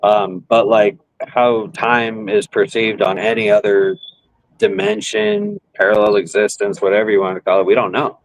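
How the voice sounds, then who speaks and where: Laid-back male guest, low voice, dry close sound, jokes and swears. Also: expressive, moderate pace, vocal fry, no room sound, poor audio. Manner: loose, swears, joking. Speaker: guest, paranormal device builder. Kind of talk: casual chat.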